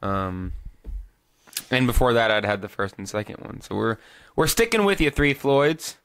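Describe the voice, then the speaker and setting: A man hosting a casual beer-tasting podcast, relaxed and a little crude, keeping the talk moving. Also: mid-range voice, moderate pace, clean tone, no echo. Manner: relaxed, swears casually, keeps the show moving. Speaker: podcast host.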